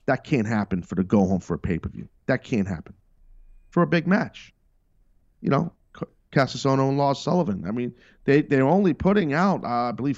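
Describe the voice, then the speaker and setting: A man's voice: medium pitch, darkish tone, no echo, dull audio. A middle-aged man hosting a podcast in a casual, rambling monologue. He talks emphatically and repeats his points. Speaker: podcast host.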